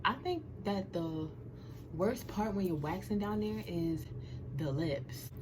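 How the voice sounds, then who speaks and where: A woman's voice: mid-range voice, animated, slow pace, background noise. A young woman filming a casual vlog at home, chatting playfully with her viewers and giggling through her nerves. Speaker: vlogger. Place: small room at home under a ring light.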